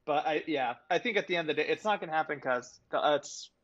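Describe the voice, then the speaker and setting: A man co-hosting a casual sports chat, talking in an animated way and swearing freely. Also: fairly high pitch, brisk, dull audio. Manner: animated, swears freely, laughs between points. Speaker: podcast co-host.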